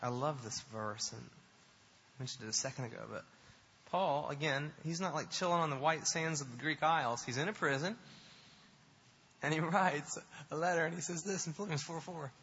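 A male pastor preaching a sermon, emphatic, building to animated repetitions. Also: fairly high pitch, normal speed, slightly rough. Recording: dull sound in a long-reverb hall.

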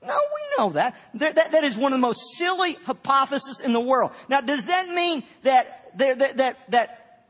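Male pastor, sermon, very high voice, halting and repeating himself, dull recording with long hall reverb. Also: sing-song, a bit bright. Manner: halting, repeats words as he goes.

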